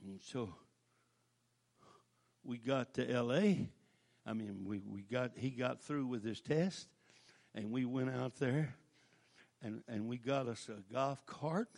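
An older man, preaching a folksy storytelling sermon that breaks into shouted praise. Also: medium pitch, slow, vocal fry, long pauses.

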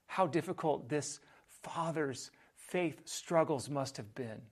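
Slow, measured man preaching a sermon. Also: a little high. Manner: measured preaching, dropping soft on key phrases. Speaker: pastor.

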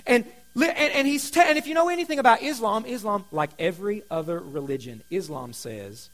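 A man preaching a sermon, telling stories in a conversational way, going from loud emphasis to hushed asides. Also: high voice. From Kentucky. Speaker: pastor.

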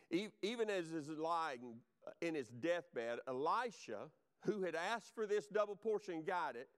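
A man's voice: high voice, a bit bright, clear, resonant tone. A male pastor preaching a sermon, fervent and exhorting, driving points home by repetition.

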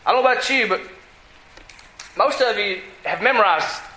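A man's voice: high-pitched, lively intonation, quick pace, pushed and bright. Pastor guy preaching to his church, quizzes the crowd and repeats himself, roomy echo. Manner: asks the congregation questions, repeats lines for emphasis. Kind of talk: sermon.

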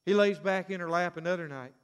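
Male preacher, high voice, dramatic sermon with hushed-to-loud swings. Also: fast, clean tone.

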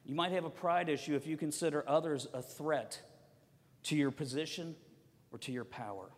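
A man preaching a sermon as a pastor, telling stories and swinging between loud emphatic lines and soft quiet ones. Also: a little high, normal speed, big-room sound.

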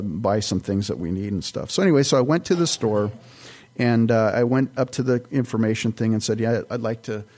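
A male pastor delivers a sermon in an everyday, chatty manner. He wanders into side stories and restarts his sentences as he talks, at a middle pitch. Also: a little mellow. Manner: conversational, rambling with restarts and side notes.

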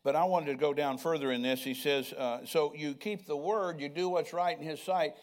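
A man's voice: on the high side, steady tone, normal speed. An older man preaching a sermon in a conversational way, often asking the congregation questions. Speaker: pastor.

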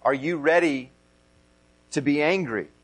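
A man's voice: a little high, measured pace, poor audio. A middle-aged man preaching a sermon as pastor, earnest, often repeating and stressing key phrases.

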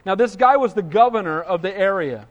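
Animated high-voiced preacher, churchy echo. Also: male voice, brisk. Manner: animated, acts out quoted voices, asks congregation for agreement. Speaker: pastor. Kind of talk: expository sermon.

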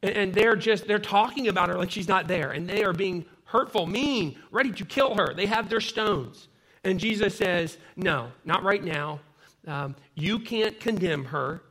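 A man's voice: high-pitched, a little slow, a bit bright. A man in his thirties preaching a sermon in a conversational way, telling personal stories. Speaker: pastor.

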